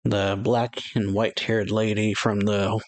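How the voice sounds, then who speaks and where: A man's voice: lowish voice, little pitch movement, measured pace. A man hosting a manga chapter reaction, talking casually with many fillers and laughing at his own slips.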